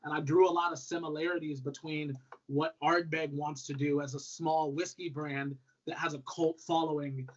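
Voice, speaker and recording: A man in his thirties, a brand ambassador guest, talking in a relaxed, upbeat way with lots of fillers. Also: a little high, moderate pace. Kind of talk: casual conversational storytelling. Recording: dull lo-fi audio with faint noise.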